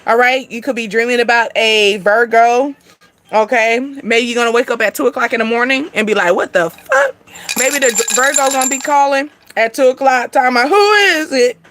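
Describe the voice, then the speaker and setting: A high-voiced woman, chatting loosely through an astrology reading. Her tone is bright and lively. She laughs a lot, calls her viewers "y'all" and swears offhand. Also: fairly quick, slight background noise. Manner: chatty, laughs often, sings and acts out snippets. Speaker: spiritual reader.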